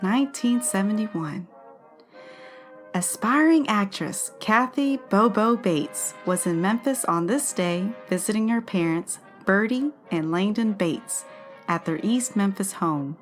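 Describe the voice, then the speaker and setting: A woman's voice: mid-range voice, a little slow, soft background music. A woman co-hosting a podcast, reading a history segment aloud and chatting casually, given to giggles and stumbling over words.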